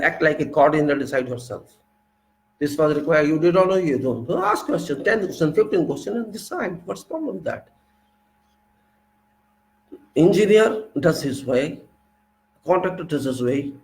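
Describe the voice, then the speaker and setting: A man's voice: on the high side, normal speed, pauses often, a little mellow, low-quality recording. A man with an Indian English accent, a civil engineer giving an informal lecture, emphatic and argumentative, firing off rhetorical questions.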